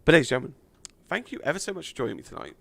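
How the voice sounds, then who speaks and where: A man chatting on a live game stream, thanking donors with lots of fillers, a little hoarse from losing his voice. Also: a little high, very animated, racing, a bit bright, no echo.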